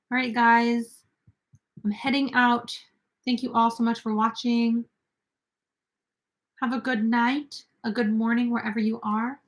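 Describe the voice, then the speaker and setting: A woman's voice: a little high, little pitch movement, unhurried, pauses often. A young woman in casual chat as the host of a crochet livestream, reading viewer comments aloud and answering them.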